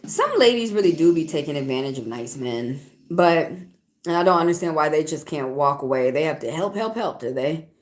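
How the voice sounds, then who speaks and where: A woman's voice: low-pitched, sing-song, moderate pace. A woman with a Southern US accent giving a live-stream tarot reading, chatty and outspoken as she talks straight to her chat. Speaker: tarot reader. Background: faint background music.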